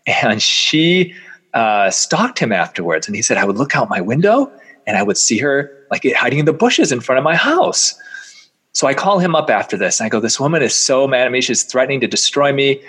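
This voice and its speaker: A middle-aged man, a plastic surgeon, telling a story in an animated way and acting out the voices of the people in it. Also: fairly quick, slightly rough. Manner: acts out quoted voices, rises sharply in pitch when incredulous.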